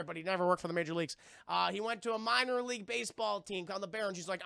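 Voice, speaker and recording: Gravelly high-voiced male streamer. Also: racing, few pauses, bright, forceful tone, no room sound, clean studio sound. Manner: rambling, profane, keeps addressing the chat. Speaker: streamer reviewing a film. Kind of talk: casual live-stream commentary.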